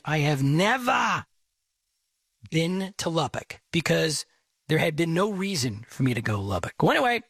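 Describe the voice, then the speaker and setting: A man's voice: high voice, fairly bright tone, slightly rough, dry recording. A middle-aged man from Texas, telling a rambling, self-deprecating story as host. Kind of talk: casual storytelling.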